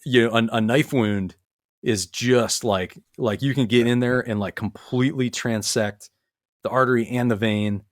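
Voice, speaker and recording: A man's voice: medium pitch, steady tone, moderate pace, no room sound, clean studio sound. A man speaking as a podcast guest, telling stories in an earnest, rambling way with many restarts and fillers. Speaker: podcast guest, retired military medic. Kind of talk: casual conversational storytelling.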